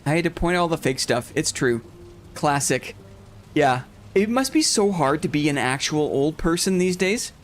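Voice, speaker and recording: A man's voice: on the high side, lively intonation, moderate pace, faint music behind. A man hosting a gaming livestream, chatting casually with his viewers and rambling with frequent restarts and laughs. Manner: rambling, self-interrupting, laughs often. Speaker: streamer host. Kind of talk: casual chat while gaming, reading chat.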